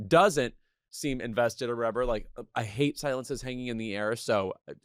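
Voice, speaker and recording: A man's voice: mid-range voice, clean tone, no echo. Campy witty man on a dry studio mic. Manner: campy, quick-witted banter. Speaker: podcast co-host. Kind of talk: casual chat and ad reads.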